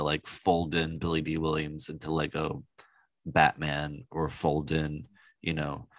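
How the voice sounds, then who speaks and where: A man's voice: a bass voice, a bit bright, no echo. A man co-hosting a casual chat, enthusiastic and rambling with lots of fillers. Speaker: podcast co-host.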